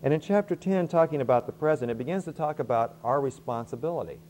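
A man's voice: mid-range voice, expressive, quick pace, a little mellow, slight background noise. A middle-aged man preaching a sermon, earnest and often repeating a word as he starts a phrase.

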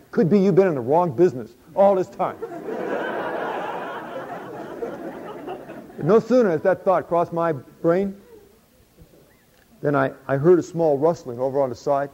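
A man with a dark-toned voice on the high side acts the part of a former tax collector who turned disciple, with slight background noise present. His dramatic first-person telling is folksy, confiding and dryly funny, on a dull lo-fi recording.

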